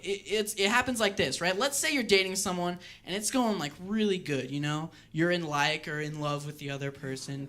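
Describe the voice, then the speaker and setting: Young male stand-up, bright tense voice, lively storyteller on a club mic. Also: high voice. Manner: animated storytelling, mimics quoted voices. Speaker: stand-up comedian. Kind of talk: stand-up comedy set. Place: comedy club stage with live audience.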